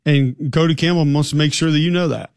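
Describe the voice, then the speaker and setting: A man's voice: fairly high pitch, fast, a little mellow, no echo. Male sports radio host, teasing moderator, dry studio sound. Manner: moderating, asks leading questions, teasing. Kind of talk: sports talk radio hosting.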